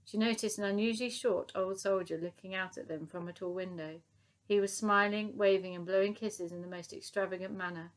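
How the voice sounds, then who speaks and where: Brisk and medium-pitched, a woman's voice tells a children's novel as an audiobook, bringing a lively, expressive energy to the story.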